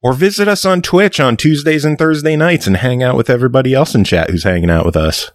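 A man's voice: medium pitch, expressive, quick pace, no echo, clean studio sound. A man hosting a gaming podcast, joking casually and running through the news with a playful delivery. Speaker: podcast host reading the news.

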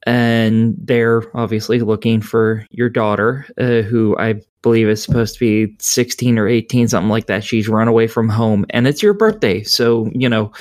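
A woman's voice: a bass voice, moderate pace, hardly any pauses, a little mellow. A woman co-hosting a podcast, reviewing a video game in casual chat with a rambling, profane, sardonic way of talking.

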